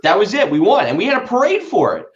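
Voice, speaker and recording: A man's voice: high voice, wildly swooping pitch, fast talker, highs cut off. A man in a casual podcast discussion, riffing with jokes and sarcasm. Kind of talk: casual podcast panel talk.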